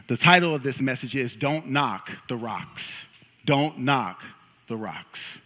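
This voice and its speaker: A young man preaching a sermon in a church, lively and joking as he hypes up the congregation. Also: medium pitch, normal speed, slight background noise. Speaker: pastor. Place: church sanctuary. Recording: long reverb of a large hall.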